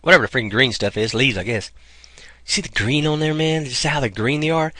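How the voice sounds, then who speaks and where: A man's voice: mid-range voice, a little fast, pushed and bright, no room sound. A man talking in a rambling, casual vlog, calling his viewers "guys" and "man". He is getting over a cold and coughs. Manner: chatty, keeps saying "guys" and "man". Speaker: vlogger promoting an online income program. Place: outdoors.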